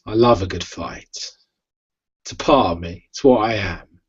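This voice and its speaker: A blunt, fight-loving male vampire, as a man puts him on in a tabletop game, gruff and boastful, his lines often dropping low and soft at the ends. The voice sits a little low, and the sound is dull and lo-fi like a video call. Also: moderate pace.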